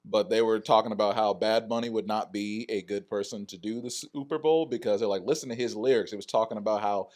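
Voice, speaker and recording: A man's voice: lowish voice, fairly even intonation, a little fast, few pauses, a little mellow. A man co-hosting a podcast, chatting casually in a wry, laid-back way. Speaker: podcast co-host. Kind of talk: casual chat.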